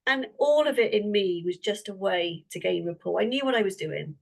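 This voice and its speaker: A woman with a Welsh accent, a therapist and interview guest, telling a story in a lively way and acting out the dialogue. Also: mid-range voice, normal speed, gravelly, poor audio. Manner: lively, acts out quoted dialogue.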